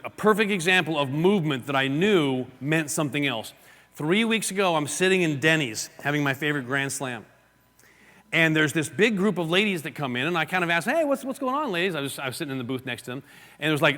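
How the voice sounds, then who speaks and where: A man giving a live seminar talk to an audience, acting out stories and gestures as he teaches. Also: a little high. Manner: animated storyteller, acts out gestures and quotes. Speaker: real estate seminar speaker. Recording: long hall reverb.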